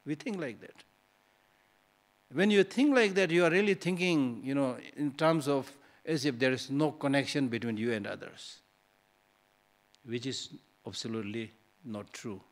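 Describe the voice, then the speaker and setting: Man giving a lively dharma talk. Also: medium pitch, moderate pace. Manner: conversational, teasing, rhetorical questions. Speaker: Buddhist teacher. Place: teaching hall.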